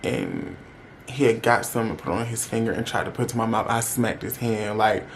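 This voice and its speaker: A man's voice: on the low side, fairly quick, slight background noise. A young man telling a personal story in a casual, candid vlog. He talks to his viewers directly and uses plenty of slang. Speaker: vlogger.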